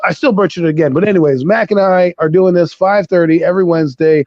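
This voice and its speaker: A man's voice: high-pitched, quick pace, darkish tone, no room sound, highs cut off. A man co-hosting a sports podcast, rambling and joking at his own expense. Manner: rambling, jokey, self-deprecating. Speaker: podcast co-host. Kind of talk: casual sports podcast chat.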